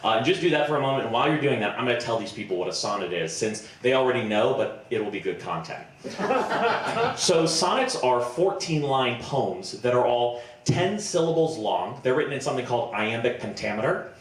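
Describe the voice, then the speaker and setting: A man performing improvised comedy on stage, chatty and self-deprecating, often pausing with ums. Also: mid-range voice, sing-song, heavy reverb, a little hiss or hum. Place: festival stage before a live audience.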